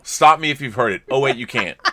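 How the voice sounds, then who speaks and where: Guy hosting a movie chat, bright lively voice, keeps restarting sentences. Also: medium pitch, fast, dry recording. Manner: animated, jokey, stammering restarts. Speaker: movie podcast host. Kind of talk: casual chat over wine.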